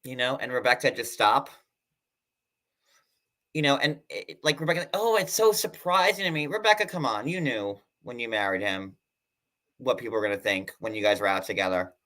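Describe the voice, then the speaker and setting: A man hosting a casual livestream, chatty and sarcastic, filling his talk with "like" and quick asides. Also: medium pitch, bright, forceful tone. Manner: chatty, sarcastic, full of "like" fillers. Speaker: host.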